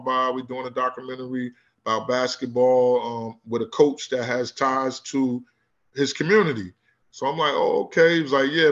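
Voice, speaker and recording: A man from Newark, a high school basketball coach, telling stories casually in an interview and acting out the voices he quotes. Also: dull audio. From Newark, New Jersey. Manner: animated storyteller who acts out quoted voices.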